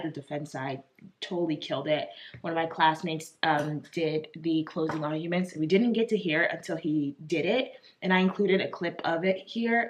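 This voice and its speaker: A woman in her twenties, a law student, talking casually to her vlog viewers in a chatty way, with frequent fillers and little laughs. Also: lowish voice. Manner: chatty, lots of "like" and "um", laughs often.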